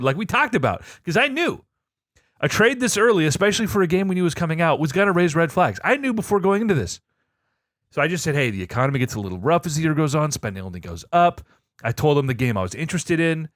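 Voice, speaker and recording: A man co-hosting a podcast, telling a story in an excitable, profane way that swings between low asides and loud outbursts. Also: dry recording, clean studio sound. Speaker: podcast co-host. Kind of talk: animated casual storytelling.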